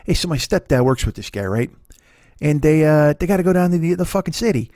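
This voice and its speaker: Middle-aged man, Chicago accent, comedy podcast host, loose profane storyteller, fairly high voice. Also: lively intonation, quick pace, mellow, no room sound, studio quality. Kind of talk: rambling comedic monologue.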